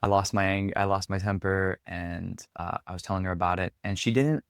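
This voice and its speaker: A man with a fairly low, gravelly voice talks as a podcast guest, recounting his experience in a reflective, candid way. His speech is loose and filled with casual fillers. The sound is dry and close, with no room echo. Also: fairly even intonation, fairly quick. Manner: reflective, heavy use of filler words. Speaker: podcast guest, performance coach. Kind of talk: candid conversational storytelling.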